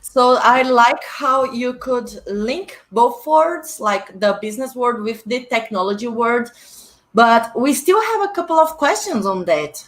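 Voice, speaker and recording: A woman's voice: a little high, lively intonation, a little slow, fairly bright tone. Woman hosting a live tech stream. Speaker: host.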